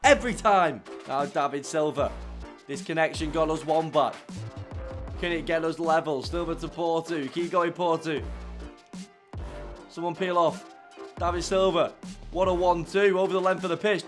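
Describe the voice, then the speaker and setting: A young man commentating his own football video game, swinging from muttered grumbles to shouted celebration. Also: fairly high pitch, normal speed, long pauses, faint music behind. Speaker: gaming YouTuber. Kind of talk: live gameplay commentary.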